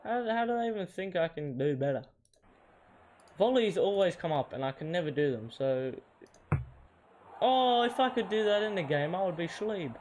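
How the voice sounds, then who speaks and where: A man's voice: high voice, expressive, moderate pace, long pauses, a little mellow, a little hiss or hum. A young man giving casual commentary while playing a football video game, often frustrated and yelping at missed shots. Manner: frustrated, yelps and groans at misses. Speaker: gamer.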